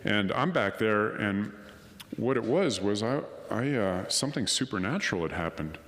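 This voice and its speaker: A middle-aged man giving a personal testimony at a conference, an animated storyteller who acts out the dialogue. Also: fairly low pitch, moderate pace, a little hiss or hum. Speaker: conference speaker. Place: conference hall. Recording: long hall reverb.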